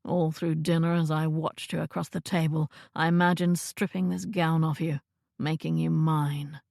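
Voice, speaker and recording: An ardent young Regency earl in an audiobook, speaking low and intimately with earnest, gravelly warmth, as a woman narrator puts him on. The voice sits fairly deep and the recording is close and dry. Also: level tone, moderate pace, no room sound. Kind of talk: audiobook character voice.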